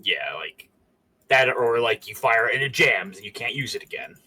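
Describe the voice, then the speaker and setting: Bright-voiced joking male player. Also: medium pitch, lively intonation, moderate pace, slight background noise. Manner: rambling, joking, many likes. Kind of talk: casual chat at the game table.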